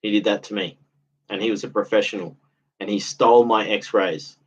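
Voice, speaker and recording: Husky man rambling with a grievance. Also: on the low side, fairly even intonation, normal speed. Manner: rambling, aggrieved, repeats himself. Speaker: vlogger. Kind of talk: casual monologue. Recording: dull lo-fi audio.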